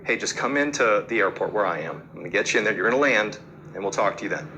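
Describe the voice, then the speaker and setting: A man voicing a calm male air traffic controller who gives steady, reassuring instructions. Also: fairly low pitch, quick pace, rough recording.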